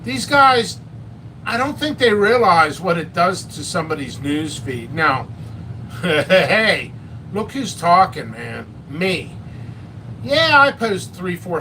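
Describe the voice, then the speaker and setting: Man, high voice, bright, slow rambling, joking, live stream host, distant mic, faint background noise. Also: very animated. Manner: rambling, joking, self-mocking. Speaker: host of a pepper and hot sauce channel. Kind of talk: casual live-stream chat.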